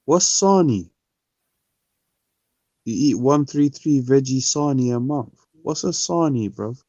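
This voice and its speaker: A man's voice: medium pitch, expressive, slow, warm tone, dry recording. A man, chatting casually on a stream, rambling and reading comments and look-ups aloud. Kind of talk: casual chat. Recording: dull, lo-fi dry sound.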